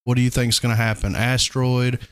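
A young man co-hosting a podcast in casual chat, easygoing, laughing often and quick to agree. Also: medium pitch, little pitch movement, clear, resonant tone, dry recording. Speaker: podcast co-host and band member.

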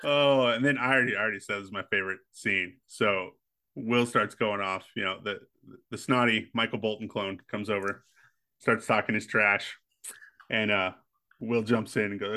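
A man's voice: lowish voice, steady tone, normal speed, sharp tone. A man co-hosting a podcast, chatting casually and enthusiastically about a film he loves. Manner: enthusiastic, quotes film lines at length. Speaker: podcast co-host. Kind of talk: casual chat about a movie.

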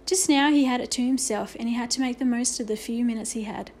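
Storybook reader: woman, fairly high voice, expressive delivery with occasional slips. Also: quick pace, slight background noise. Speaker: narrator. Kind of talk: storybook reading.

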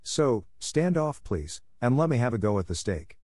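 A man voicing a boastful, excitable young English gentleman in a storybook reading. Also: mid-range voice, moderate pace, dry recording, clean studio sound. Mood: cocky. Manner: excited, cocky.

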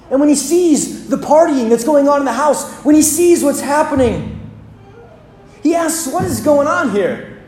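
A pastor preaching a sermon in a church, with dramatic pauses and emphatic repetition, recorded with a roomy church echo. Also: medium pitch, dark tone.

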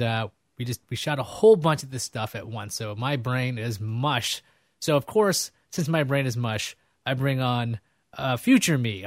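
A man's voice: medium pitch, no room sound, studio quality. A man hosting a casual interview show, joking and rambling with fillers. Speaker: host.

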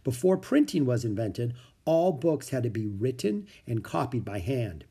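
A man reading a children's chapter book aloud, expressive and switching voices for each character. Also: mid-range voice, normal speed, husky. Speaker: audiobook narrator.

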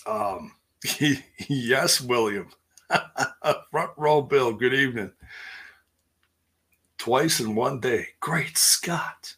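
A man's voice: medium pitch, extremely slow, pauses often, a bit bright, breathy edge. A man hosting a casual live stream, rambling through a recap with lots of fillers and restarts while reading viewer comments. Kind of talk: casual chat.

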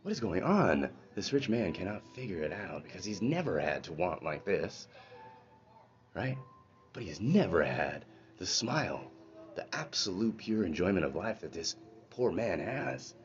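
A man's voice: low-pitched, big pitch swings, measured pace. A man telling a story in a casual monologue, keeping it conversational and checking in with listeners as he goes. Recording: dull lo-fi with faint noise.

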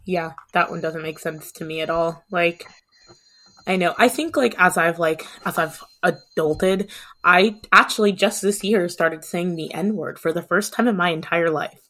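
A woman's voice: lowish voice, measured pace, a bit bright. A woman in her twenties hosting a casual podcast discussion, chatty with many filler words. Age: 20s. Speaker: podcast host.

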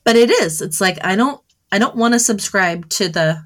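A chatty woman from Southern New Jersey in her thirties, co-hosting a relaxed podcast chat about motherhood. Her voice sits low for a woman, and she often breaks into laughter while acting out what she says to her kids. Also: moderate pace. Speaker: podcast co-host. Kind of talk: casual chat.

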